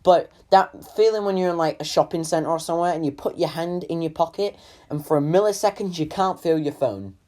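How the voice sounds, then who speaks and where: A man's voice: on the high side, brisk, mellow. A young man narrating a comic animation in a rambling, self-deprecating way. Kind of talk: comedic voice-over narration.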